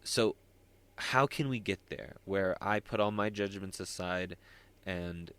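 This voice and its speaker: A man's voice: low-pitched, slow pace, a bit bright, smooth. A man hosting a solo podcast, talking in a rambling, self-interrupting way with wry asides. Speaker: podcast host.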